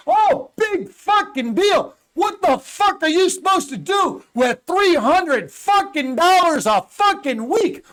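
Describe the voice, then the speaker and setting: A man, a guest stand-up comedian, delivering a loud comedic rant packed with profanity. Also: very high voice. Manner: loud, profanity-laden, shouting. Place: studio.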